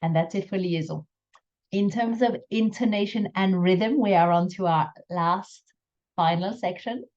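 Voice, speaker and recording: Slow, mellow-voiced woman teaching pronunciation. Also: mid-range voice, highs cut off. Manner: slow, careful explanations with drawn-out French examples. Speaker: French teacher. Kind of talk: recorded pronunciation lesson.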